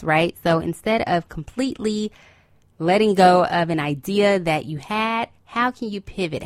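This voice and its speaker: A chatty woman hosts her podcast in a lowish, upbeat voice, encouraging and quick to laugh. The recording is dry and close, with no room sound. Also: no room sound. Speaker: podcast host. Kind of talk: casual motivational podcast talk.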